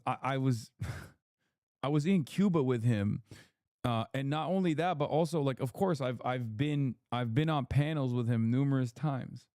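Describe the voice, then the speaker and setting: A man's voice: mid-range voice, normal speed, a little mellow, dry recording, clean studio sound. A man streaming political commentary, swearing and ranting as he reads chat and polls. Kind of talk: casual livestream commentary.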